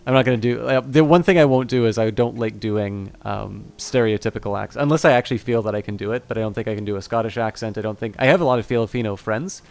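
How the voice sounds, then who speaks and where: Gravelly, apologetic man. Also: fairly low pitch, fast talker, hardly any pauses, a little mellow. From Canada. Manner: apologetic, rambling with restarts. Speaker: streamer. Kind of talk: casual chat and reading a game aloud.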